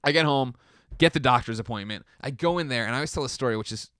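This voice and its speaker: A quick-talking man from the Chicago area, relaxed and chatty as a podcast guest. His voice sits at an ordinary pitch and comes through dry and close, with no room sound. He tells a story with lively energy and acts out other people's lines as he goes. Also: clean tone, dry recording. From Chicago area, USA. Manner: animated, acts out quoted voices, swears casually. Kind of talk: casual storytelling.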